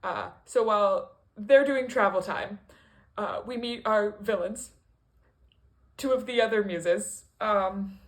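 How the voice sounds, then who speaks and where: A woman's voice: medium pitch, takes it slowly. Rambling, chatty woman vlogger. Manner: rambling and chatty, with frequent fillers and self-corrections. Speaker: video creator. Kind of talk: casual musical review vlog.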